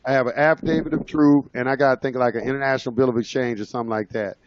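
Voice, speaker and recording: A man's voice: medium pitch, fairly even intonation, racing, slight background noise. A man telling a story in a casual, rambling way, with loose phrasing and frequent restarts. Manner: rambling, loose and conversational, many fillers and restarts. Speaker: presenter. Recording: dull lo-fi audio.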